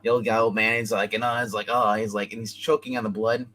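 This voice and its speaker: A man hosting a casual comic book review, rambling as he retells scenes and tosses in quick bits of dialogue. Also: on the low side, little pitch movement, a bit bright, rough recording.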